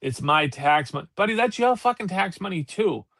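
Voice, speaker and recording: Gravelly, profane man ranting. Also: high-pitched, expressive, normal speed, a bit bright, no room sound. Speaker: podcast host. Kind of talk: heated casual chat.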